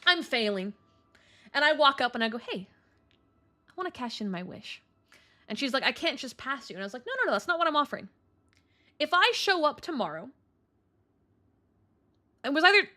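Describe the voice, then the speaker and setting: Lively high-voiced young woman telling stories. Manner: animated, swears casually, laughs often. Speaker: streamer. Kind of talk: casual storytelling chat.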